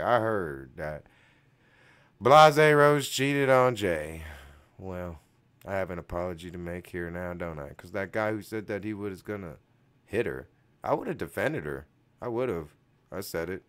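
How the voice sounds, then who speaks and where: A man runs his own internet radio show alone at the mic. He rants and swears, swinging from shouted bursts down to low mumbles. Now and then he drifts into a mock English accent. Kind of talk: solo podcast rant.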